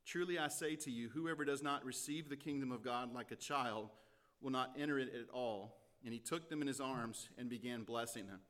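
A man's voice: mid-range voice, normal speed, fairly bright tone. A man preaching a sermon, retelling scenes in a conversational way and briefly acting out the people he quotes. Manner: conversational preaching with acted-out quotes and repeated phrases. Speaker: pastor. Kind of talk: expository sermon.

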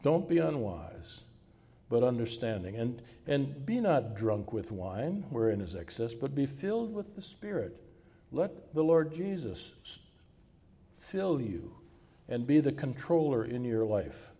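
A man's voice: medium pitch, big pitch swings, a little slow, warm tone, husky. A man preaching a sermon as pastor, asking the congregation rhetorical questions and closing with a prayer. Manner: closes with a spoken prayer.

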